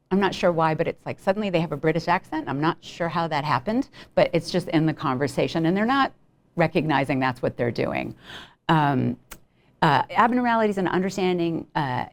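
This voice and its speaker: A woman with a notably low voice gives a clinical lecture to colleagues. She speaks conversationally, with frequent ums, and slips into short acted-out examples. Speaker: pediatric behavioral health clinician presenting.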